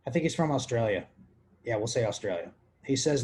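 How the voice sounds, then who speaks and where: In a mid-range voice that moves a little fast, a Texas podcast host rambles crudely while drunk, answering listener questions in a casual comedic monologue.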